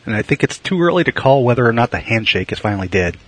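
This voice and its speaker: Host type, man with a raspy edge, loose and chatty with dry humor. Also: medium pitch, very animated, fast, low-quality recording. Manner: rambling, filler-heavy, wry jokes. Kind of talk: casual chat.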